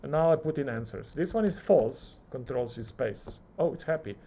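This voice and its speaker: A male lecturer teaching a live coding class, talking through each keystroke and acting out the software's replies. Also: medium pitch, lively intonation, moderate pace, a little hiss or hum.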